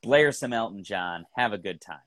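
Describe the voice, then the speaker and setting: A man's voice: fairly low pitch, animated, moderate pace, fairly bright tone, no room sound. A man co-hosting a podcast, chatting casually and joking around with lots of laughter. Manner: joking, laughs often, mock accents. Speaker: podcast co-host. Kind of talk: casual banter while drawing.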